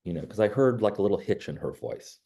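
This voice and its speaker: Middle-aged male realtor, deep and warm, talky coaching delivery. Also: animated, quick pace. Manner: conversational, many "you know" fillers. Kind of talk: training talk with personal stories.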